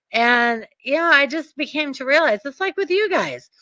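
High, bright-voiced woman coaching earnestly. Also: lively intonation, normal speed, no echo, muffled recording. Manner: earnest, emphatic, repeats points for stress. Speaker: real estate investing coach. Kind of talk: motivational coaching talk to students.

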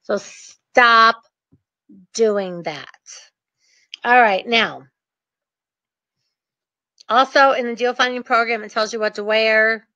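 A woman's voice: fairly high pitch, slow, long pauses, sharp tone, dry recording. A woman coaching real estate investors in a chatty, ranting way with sarcastic asides. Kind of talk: energetic coaching talk. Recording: dull, dry lo-fi recording.

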